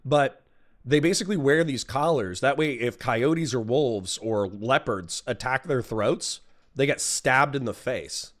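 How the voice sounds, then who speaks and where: A man's voice: medium pitch, unhurried, fairly bright tone. A man ranting casually on a livestream, swearing often, rambling from idea to idea and reading chat aloud. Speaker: streamer.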